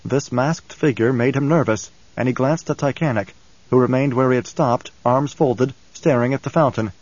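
A man reading an audiobook in a measured, even storytelling manner. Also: mid-range voice, no room sound, highs cut off. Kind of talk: audiobook narration.

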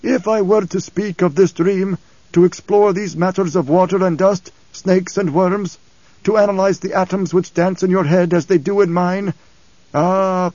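A man's voice: high-pitched, a little mellow, dry recording, muffled recording, pitched above the performer's own voice, close to an everyday voice. A man voicing a proud old dream interpreter with a bitter twang.

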